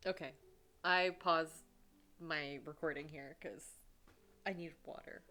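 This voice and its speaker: A woman commenting while playing a story game, gushing and excitable, breaking into laughs. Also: sits low, moderate pace, faint music behind. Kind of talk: let's play commentary.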